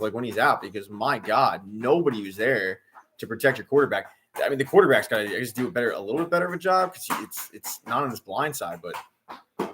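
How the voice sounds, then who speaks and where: A man in his thirties from the Philadelphia area hosts a live football watch-along, talking casually and breaking into exasperated outbursts at bad plays. His mid-range voice is a little fast and fairly bright, with lively intonation. There's slight background noise on this casual live-stream commentary.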